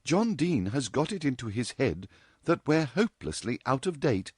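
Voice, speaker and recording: A cheeky, outspoken young woman in a read-aloud storybook chatters with mock drama, as a male narrator puts her on. Her voice sits high and swings freely. The sound is dry. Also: sing-song, moderate pace, a little mellow, slightly rough, no echo. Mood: teasing.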